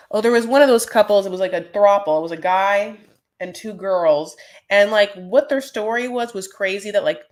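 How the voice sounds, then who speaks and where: Female recap host, mid-pitch, loose and chatty, lots of fillers and asides. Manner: chatty and rambling, many "like"s and quick asides. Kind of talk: casual live recap of a reality show.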